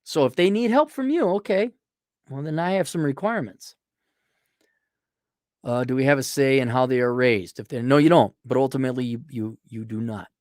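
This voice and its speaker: A man's voice: mid-range voice, lively intonation, a little fast, a little mellow, no room sound, studio quality. A middle-aged man giving a blunt, profane, casual monologue answering listener questions, acting out quoted exchanges.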